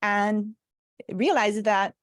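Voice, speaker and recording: A woman in her thirties, from Cuba, telling a personal story in a lively talk and acting out bits of the dialogue. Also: mid-range voice, very slow, no room sound. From Cuban. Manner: animated storyteller, laughs often, acts out dialogue. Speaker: speaker and leadership consultant.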